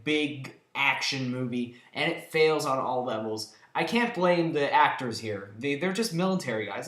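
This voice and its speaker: A man's voice: mid-range voice, a bit bright. A man giving a countdown of films he disliked, talking in an emphatic, sarcastic and exasperated way. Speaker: film reviewer. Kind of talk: ranting countdown review. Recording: echoey room.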